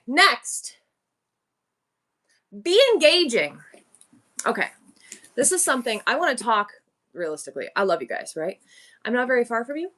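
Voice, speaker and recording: A fairly high, bright, forceful woman's voice chats straight to her viewers during a live-selling stream. She is animated and conversational, moving between advice and quick greetings to her audience. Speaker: live-stream seller and show host.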